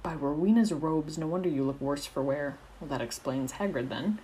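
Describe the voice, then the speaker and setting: A woman voicing a brisk, fussing school nurse who exclaims and scolds. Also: low voice, dark tone, a little hiss or hum, natural voice, rough recording. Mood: shocked.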